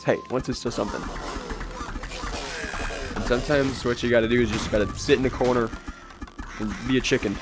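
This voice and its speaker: Young man, hoarse worn-out voice, stuffy nose, rambling stream chat, clear music playing underneath. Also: mid-range voice. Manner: rambling, chuckling, talks to chat. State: hoarse, strained voice; congested. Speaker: gaming livestreamer. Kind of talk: casual livestream chat. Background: game music underneath.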